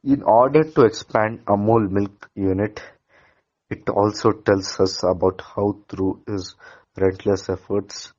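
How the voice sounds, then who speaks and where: Brief: low-pitched man, student, reads a lesson slowly with stumbles, dull lo-fi recording. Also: steady tone, darkish tone. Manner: halting reader with small slips and restarts. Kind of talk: reading a textbook lesson aloud.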